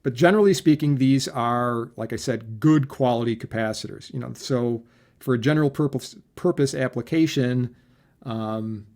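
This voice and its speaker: A male professor giving a relaxed lecture, explaining things conversationally and often checking in with a quick "right?". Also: mid-range voice. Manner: conversational, tags points with "right?". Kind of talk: casual recorded lecture.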